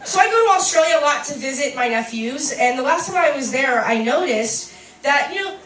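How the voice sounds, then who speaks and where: A young woman performing stand-up comedy on a club stage, brash, profane and animated. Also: high-pitched, brisk. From United States. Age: young adult. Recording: roomy club, distant mic, faint noise.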